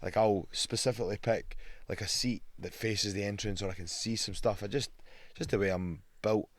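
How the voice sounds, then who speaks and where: Low-voiced Scottish man, lively storyteller. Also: normal speed. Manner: lively storyteller, swears freely. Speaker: guest, fighter. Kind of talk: casual podcast chat.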